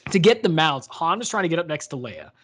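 Fast-talking rambling podcast co-host. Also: mid-range voice, big pitch swings, fairly bright tone, husky. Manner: rapid, rambling, many fillers and restarts. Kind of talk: casual chat about a book.

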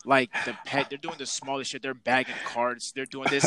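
Bright-voiced young man ranting. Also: medium pitch, moderate pace, rough recording. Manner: animated, exasperated ranting with heavy slang and profanity. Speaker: podcast co-host. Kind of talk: casual podcast rant.

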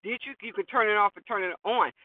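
A man's voice: high-pitched, fast talker, no room sound. A man hosting a talk show, giving an emphatic opinion monologue that is full of repeated words and rhetorical questions. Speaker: podcast host. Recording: tinny phone-like sound from far off.

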